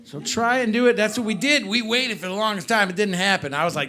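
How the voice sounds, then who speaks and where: On a club stage, a middle-aged man works through a stand-up comedy set, telling stories and joking with the crowd. His voice is high and his delivery fast, animated storytelling mixed with crowd work.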